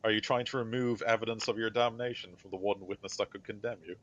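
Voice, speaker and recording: A man's voice: on the low side, steady tone, fast, a bit bright, voice pushed up. A man voicing a stern male inquisitor who presides over a trial, formal and interrogating, on a dull lo-fi recording.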